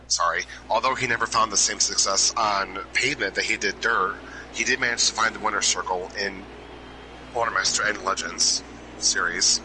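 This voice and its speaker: A man giving an emotional hall of fame induction speech, halting and restarting as he loses his train of thought. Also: on the low side, steady tone. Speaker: inductee presenter. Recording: loud background noise.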